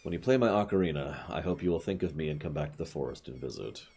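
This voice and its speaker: A man reading the lines of a gentle young forest girl saying goodbye, in a soft, quiet, wistful voice. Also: rumbling low, lively intonation, fast talker, background noise, voice pushed down.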